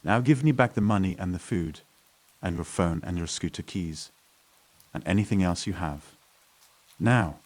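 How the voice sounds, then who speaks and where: A rude, bullying customer who sneers out threats in a deep, low voice, as a male narrator reads him. He sounds contemptuous and menacing, a villain from a spoken horror story. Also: normal speed, darkish tone, no room sound.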